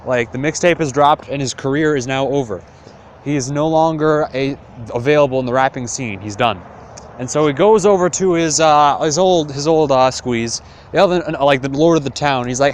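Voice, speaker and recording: Young man, comic casual retelling, rambling, slangy, filler-heavy, average pitch. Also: moderate pace, slight background noise. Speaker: student retelling a classic tale.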